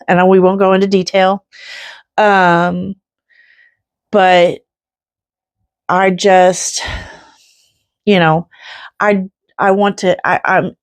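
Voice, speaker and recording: A woman's voice: medium pitch, flat delivery, very slow, pauses often, no echo. Earnest woman in her fifties, dry sound. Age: 50s. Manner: earnest, rambling with restarts. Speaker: faith vlogger. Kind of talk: casual heartfelt chat.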